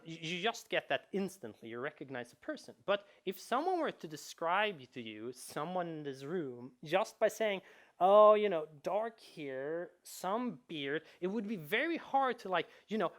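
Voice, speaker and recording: A man, a game designer, giving a conference talk, animated and full of restarts and repeated words. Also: on the high side, moderate pace, hardly any pauses.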